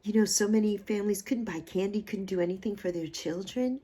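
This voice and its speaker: A woman's voice: medium pitch, fairly quick, dark tone, husky. A woman in her sixties hosting a livestream, talking in an effusive, heartfelt way and repeating phrases for emphasis while still emotional. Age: 60s. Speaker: livestream host. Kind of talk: heartfelt casual livestream chat.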